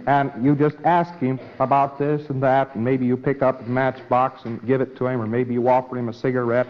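A man's voice: medium pitch, level tone, a little fast. A man lecturing in a conversational way, acting out both sides of short dialogues. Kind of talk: recorded lecture with acted dialogue. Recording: dull old lecture recording with faint hiss.

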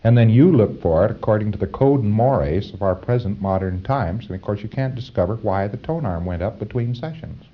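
Low-voiced man lecturing on dull old tape. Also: expressive. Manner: halting, with repeated phrases and "uh" fillers. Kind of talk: informal lecture to trainees.

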